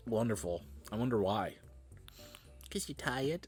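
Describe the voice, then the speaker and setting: Faint music plays behind a very animated man with a mid-range voice who speaks at a measured pace with frequent pauses. Tired and yawning, he mutters commentary on his game, occasionally cursing, his volume rising and falling.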